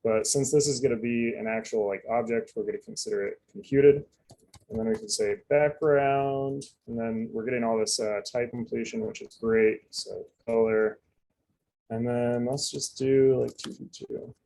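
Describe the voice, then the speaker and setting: A man's voice: medium pitch, steady tone, normal speed, gravelly, warm tone, a little hiss or hum, rough recording. A man giving a casual live coding demonstration, chatty and loose, full of fillers and asides. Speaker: presenter.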